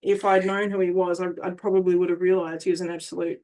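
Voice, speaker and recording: A woman's voice: fairly low pitch, little pitch movement, quick pace, mellow. A woman guest in an interview, telling a personal story in a candid, emphatic way and swearing freely. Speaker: interview guest, survivor advocate.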